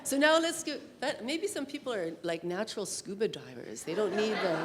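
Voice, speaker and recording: A woman leading a congregation through playful vocal warm-ups, with encouraging cues and sung exercises. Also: mid-range voice, big pitch swings, moderate pace. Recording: echoey hall with loud instrument.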